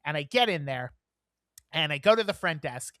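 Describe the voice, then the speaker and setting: Bright-voiced man telling a heated story. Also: a little high, moderate pace, no echo. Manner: animated, profane, acts out quoted dialogue. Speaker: podcast co-host. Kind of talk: casual storytelling chat.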